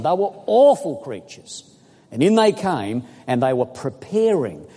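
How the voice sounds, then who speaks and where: A man preaching a sermon with emphatic, dramatic delivery, swinging between loud bursts and quiet asides. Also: mid-range voice, slightly rough. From outside the United States. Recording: echoey hall.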